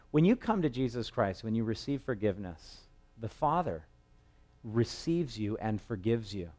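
A man with a fairly low voice preaching a sermon. He tells the story with a playful, lively touch and swells loud and high at the emotional peaks. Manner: lively storytelling with humor and dramatic quotes. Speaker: pastor.

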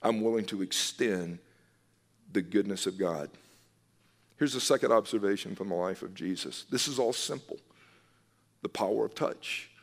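A low-voiced man preaches a sermon, earnest and emphatic, and he leans on repeated phrases to drive each point home. His voice rings out with a long reverb, as if it fills a church hall. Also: normal speed, pauses often. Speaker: pastor.

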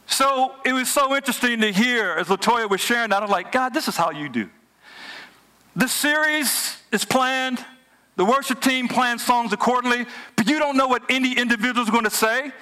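High, bright-voiced male pastor preaching. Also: normal speed. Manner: animated, humorous conversational preaching. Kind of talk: sermon.

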